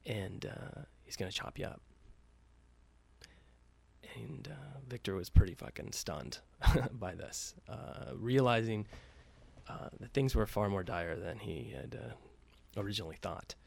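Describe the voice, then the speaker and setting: Gravelly low-voiced man telling a story. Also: a little slow, a little mellow. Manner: loose and profane, many fillers, acts out the quoted lines lightly. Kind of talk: casual spoken storytelling.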